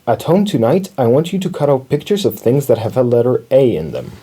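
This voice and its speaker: A man voicing a prim schoolteacher woman in a children's storybook who turns shrill when startled. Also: sing-song, a little fast, warm tone, breathy edge. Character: school teacher woman, easily startled, shrieking.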